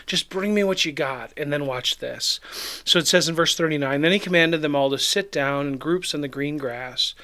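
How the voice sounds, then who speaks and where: A man's voice: fairly high pitch, moderate pace, pushed and bright. A male pastor giving a conversational daily devotional, reading scripture aloud and explaining it. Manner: conversational, reads scripture then acts out the disciples. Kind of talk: devotional Bible teaching.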